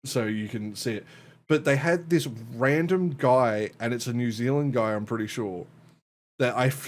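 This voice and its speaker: A young man hosting a podcast, chatting casually with lots of swearing, laughter and tangents. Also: medium pitch. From Australia. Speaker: podcast host. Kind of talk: casual chat.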